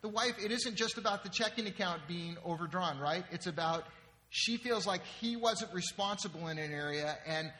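Here the pastor's voice is high-pitched and sharp, moving at a moderate pace. He preaches conversationally and often checks in with the congregation, his words echoing with long reverb through a large hall.

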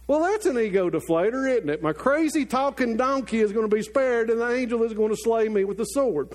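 A middle-aged man with a notably high voice preaches to his congregation. He tells the story in a lively way and acts out the characters' lines as he goes. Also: brisk, hardly any pauses. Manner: animated storytelling with acted-out quotes. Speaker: pastor. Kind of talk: sermon.

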